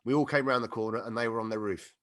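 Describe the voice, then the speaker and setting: A man's voice: medium pitch, very fast. A middle-aged man telling a funny story on a podcast, laughing and acting out quotes. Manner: animated anecdote-telling with laughter and acted-out quotes. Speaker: podcast guest. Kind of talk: casual storytelling chat.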